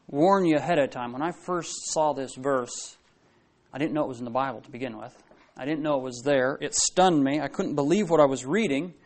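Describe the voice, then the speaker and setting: A man preaching a sermon to a congregation, talking in a conversational way, asking questions and often restarting his sentences. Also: fairly high pitch.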